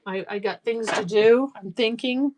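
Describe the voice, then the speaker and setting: A woman's voice: a little high, unhurried, darkish tone, a little hiss or hum, close to an everyday voice. Woman voicing her grumpy resting dog. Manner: grumbling, put-upon. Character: annoyed male dog resting.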